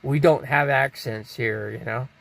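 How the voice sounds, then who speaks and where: A man's voice: mid-range voice, steady tone, a little slow, vocal fry, a bit bright. An older man from Arizona hosting a live stream, rambling casually and answering viewers' chat comments aloud. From Scottsdale, Arizona.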